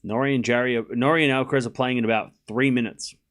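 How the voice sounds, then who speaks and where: Young aussie dude streaming tennis commentary, rambly and self-mocking, middle pitch. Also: male voice, steady tone, fast, a bit bright. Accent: Australian. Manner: chatty, self-deprecating, talks to chat. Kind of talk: casual live watchalong commentary.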